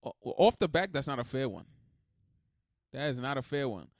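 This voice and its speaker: Animated man doing casual reaction commentary. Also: medium pitch, moderate pace, dry recording, studio quality. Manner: animated, rambling, swears freely. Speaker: reaction video host.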